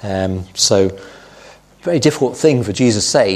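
A middle-aged man preaching a sermon, teaching through scripture in a measured way and quoting verses with emphasis. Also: medium pitch, very animated, a little mellow, breathy edge.

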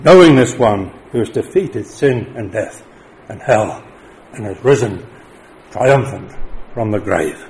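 A middle-aged man preaching a sermon, lifting his voice for emphatic declarations and dropping low and quiet for solemn points. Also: lively intonation, a little slow, long pauses, rough recording.

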